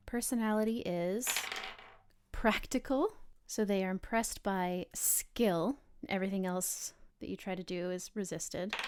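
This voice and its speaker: A woman's voice: medium pitch, noisy background. A woman narrating her superhero's actions as a player in a tabletop game, rambling and restarting. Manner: rambling, with restarts and soft asides.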